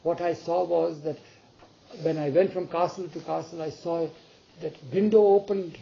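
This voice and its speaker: A remorseful king, rattled by a terrible nightmare, pleads in a troubled voice, as a male storyteller puts him on. The voice is gravelly and mellow. It sits a little higher than the storyteller's usual voice. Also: steady tone, normal speed, muffled recording, slight background noise.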